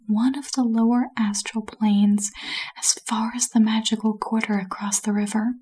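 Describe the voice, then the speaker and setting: A woman reading a bedtime story aloud as a whispered role-play, soft and unhurried. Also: fairly high pitch, breathy edge.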